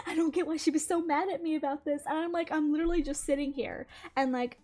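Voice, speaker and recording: Giggly high-voiced woman streamer. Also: brisk, faint music behind. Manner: animated, giggly storytelling. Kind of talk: casual chat while gaming.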